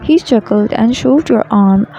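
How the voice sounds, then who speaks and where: A woman reading a second-person romance fan fiction story as scripted narration, in a soft, intimate storytelling manner. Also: fairly high pitch, animated, a little slow, highs cut off, background noise.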